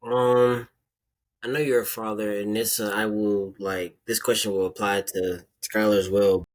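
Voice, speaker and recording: A young man asking his father a question, hesitant and halting. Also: lowish voice, flat delivery. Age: young adult.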